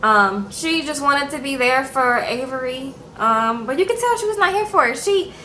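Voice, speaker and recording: A woman's voice: high voice, lively intonation, normal speed, sharp tone, a little hiss or hum. A young woman chatting casually to her viewers as she recaps a TV episode, often checking in with "okay?". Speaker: TV show reviewer. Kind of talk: casual chat.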